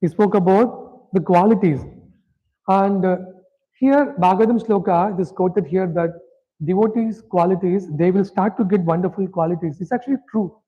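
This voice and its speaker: In an interactive scripture lecture, the male teacher speaks at normal speed with a fairly high voice and an easy, conversational manner. He keeps making sure the listeners follow him, though the audio is muffled and lo-fi.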